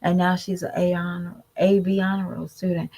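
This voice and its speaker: A woman's voice: lowish voice, moderate pace, vocal fry, low-quality recording. A woman giving candid, preachy commentary to her viewers in a casual vlog. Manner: candid, preachy, animated mimicry. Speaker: vlogger.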